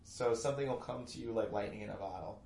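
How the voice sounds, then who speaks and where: A man talking casually as a podcast guest, an animated storyteller. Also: on the low side, quick pace. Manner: animated storyteller, loud put-on family voices. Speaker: podcast guest, comedy writer. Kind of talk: casual chat. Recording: echoey room, faint noise.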